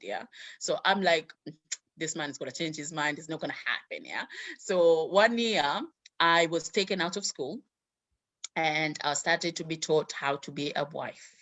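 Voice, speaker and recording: A woman's voice: on the low side, a bit bright. A woman guest telling her life story in conversation, acting out the voices of the people in it. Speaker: interview guest.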